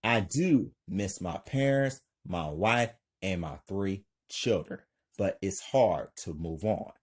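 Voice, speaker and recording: A man reading the lines of a calm, stoic male vampire hunter in a husky, unhurried voice. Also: low-pitched. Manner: flat, calm, slow delivery. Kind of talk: amateur script read-aloud.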